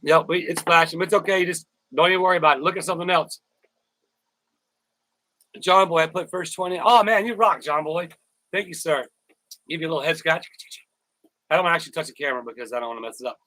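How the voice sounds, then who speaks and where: Guy rambling on his live stream, thanks chat by name, kinda high voice, dry room. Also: quick pace, pauses often, pushed and bright, dry recording, poor audio. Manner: rambling, repeats words, thanks viewers by name. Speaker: YouTuber live-stream host.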